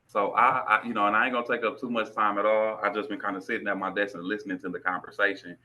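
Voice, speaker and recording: A man's voice: lowish voice, little pitch movement, fast, pushed and bright. A man in his thirties joining a video call to give a heartfelt tribute, earnest and repeating himself. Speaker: call participant.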